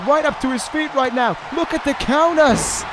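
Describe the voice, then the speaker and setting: A man giving excitable play-by-play commentary on a wrestling video game, pleading and shouting at the action. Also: very high voice, moderate pace. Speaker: YouTube gaming commentator. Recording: loud game crowd and noise behind voice. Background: video game crowd noise.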